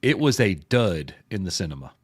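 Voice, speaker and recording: A man co-hosting a casual pop culture live stream, joking with chat, his voice a bit gruff and hoarse. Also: low-pitched, big pitch swings, normal speed. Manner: joking, addresses chat viewers by name. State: sounds slightly sick.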